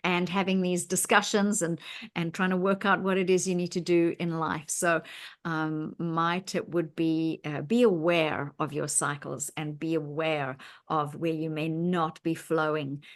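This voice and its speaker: A woman's voice: low voice, flat delivery, measured pace. Reflective woman co-host, many ums. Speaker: podcast co-host. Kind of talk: casual chat.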